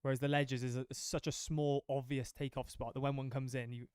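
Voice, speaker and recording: Smooth-voiced man, jokey surf commentator. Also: mid-range voice, little pitch movement, fairly quick, a little mellow, dry recording. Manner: jokey, laughs easily, chatty. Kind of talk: casual sports commentary.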